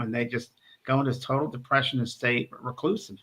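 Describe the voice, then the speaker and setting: A man hosts a chatty interview with a bright, forward voice. He asks questions and teases his guest playfully. His delivery is relaxed and conversational. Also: mid-range voice, fairly quick. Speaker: host and medium. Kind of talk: casual interview chat.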